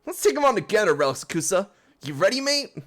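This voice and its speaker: A man's voice: high voice, very animated, fast talker, voice pushed up. A man voicing an eager, boastful teenage boy trainer in a put-on British accent. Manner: cheery, boastful.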